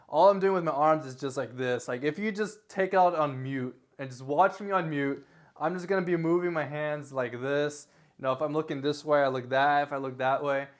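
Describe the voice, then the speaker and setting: This YouTuber, a young man with a voice on the high side, rambles through tips in a casual advice vlog, filming himself indoors with the camera facing him. He keeps correcting himself, gestures with his hands, and delivers it all lively with shifting loudness.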